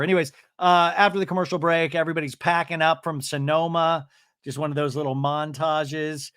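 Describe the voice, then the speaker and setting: A man's voice: fairly high pitch, fairly even intonation, a little fast, fairly bright tone, smooth. A man hosting a podcast, rambling through a casual comedic recap of a reality show with lots of fillers and restarts. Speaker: podcast host.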